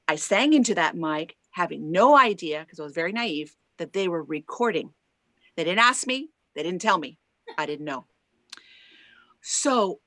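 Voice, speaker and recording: A woman singer telling an animated story as an interview guest, acting out quoted voices and tagging lines with "right?". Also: fairly low pitch, dry recording. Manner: lively storyteller who acts out quoted voices and laughs often; chatty, many "like" and "right?" tags.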